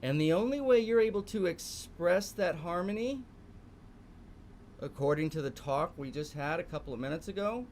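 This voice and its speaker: A man's voice: fairly high pitch, animated, normal speed, darkish tone, slight background noise. A middle-aged man with a Texan accent, teaching a live online morning art class, emphatic and repeating phrases for stress. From Texas.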